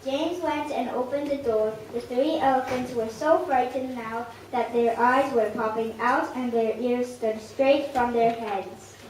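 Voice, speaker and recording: A woman's voice: fairly high pitch, a little slow, hardly any pauses. Woman narrating a storybook in an echoey room. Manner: expressive read-aloud storytelling. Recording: echoey room, distant mic, faint hiss.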